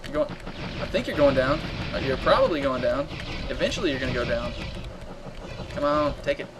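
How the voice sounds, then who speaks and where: A man hosting a live game stream, chatting casually and reacting loudly to the action while reading viewer comments aloud. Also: medium pitch, sing-song, a little fast, background noise.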